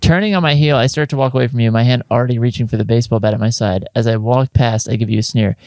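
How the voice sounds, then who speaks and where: Gravelly man reading aloud. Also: mid-range voice, fairly even intonation, rapid-fire, darkish tone, dry recording. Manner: reads chatbot text aloud, breaking into laughter. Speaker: podcast co-host reading chatbot replies. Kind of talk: comedic dramatic reading.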